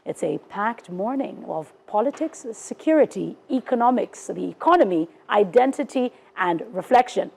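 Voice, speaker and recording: A woman from South Africa presents morning television news in a studio, her voice gravelly and warm. She reads the headlines with upbeat energy and slips into playful banter with her co-host. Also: medium pitch, expressive, normal speed, hardly any pauses.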